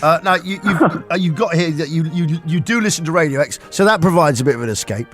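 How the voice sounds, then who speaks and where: A man hosting a radio show, quick and jokey, laughing often through the banter. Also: on the high side, a bit bright, soft background music. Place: radio studio.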